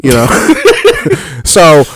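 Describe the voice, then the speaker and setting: A young adult man co-hosting a casual comedy podcast, telling stories with loud laughing outbursts and a lot of swearing. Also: on the high side, wildly swooping pitch, drawn-out words, a crowd in the background. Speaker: podcast co-host.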